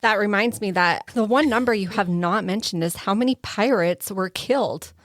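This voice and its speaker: Woman co-host, Arizona accent, jokey and playful, mid pitch, dry close mic. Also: normal speed, no echo. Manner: joking, playful asides. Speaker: podcast co-host. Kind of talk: casual chat.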